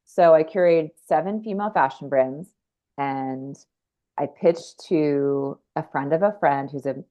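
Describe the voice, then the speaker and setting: Earnest woman in her forties as a rambling podcast guest, low voice, dull lo-fi audio. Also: a little slow, warm tone. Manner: earnest, rambling, frequent restarts. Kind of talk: candid conversational storytelling.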